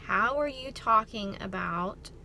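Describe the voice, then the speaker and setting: A middle-aged woman, hosting a ministry talk and telling a story in a chatty, expressive way. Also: medium pitch, slow, gravelly, slight background noise. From American South. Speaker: ministry host. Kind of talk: casual storytelling talk to camera.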